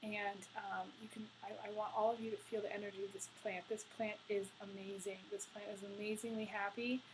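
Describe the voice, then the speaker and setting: A woman's voice: mid-range voice, little pitch movement, a little fast, noisy background. A woman giving a tarot reading to camera, talking in a rambling, effusive way with many fillers. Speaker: tarot reader.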